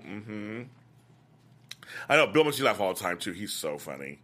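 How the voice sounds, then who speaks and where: An older man hosting a soap opera after-show, recapping episodes in casual, animated chat and acting out characters' lines. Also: on the low side, moderate pace, long pauses. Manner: chatty, animated, laughs often, acts out lines. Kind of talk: casual recap chat reading viewer comments.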